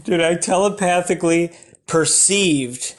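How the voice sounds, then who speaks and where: A man doing rambling, absurd stand-up comedy in a deadpan way, breaking into sudden shouted outbursts. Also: high-pitched, a little slow.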